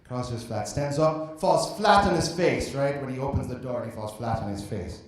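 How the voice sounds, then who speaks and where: A man's voice: medium pitch, normal speed. A young man from upstate New York, an audience volunteer telling a joke on a live stage, rambling off on tangents. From Binghamton, New York area, USA. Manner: rambling, prone to tangents, self-conscious. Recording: echoey live venue.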